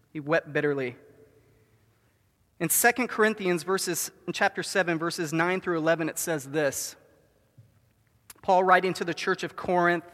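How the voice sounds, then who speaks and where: A man preaching a sermon to his church, earnest, stretching stressed words and dropping to a hush for his gravest lines. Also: a little high. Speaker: pastor. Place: church sanctuary. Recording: long hall reverb.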